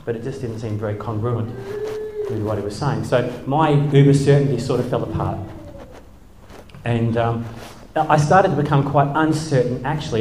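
A middle-aged former church leader with a medium-pitched voice tells humorous, self-deprecating stories to a live audience, full of wry, chuckling asides. The hall is echoey and the background noisy.

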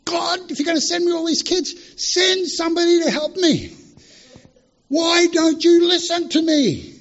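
A man doing a fed-up missionary woman, her voice pitched well above his own, pleading and indignant as she calls out to heaven. She sounds husky, and the recording is dull and lo-fi. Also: quick pace, a little mellow, heavily acted. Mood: exasperated. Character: exasperated missionary woman praying loudly.

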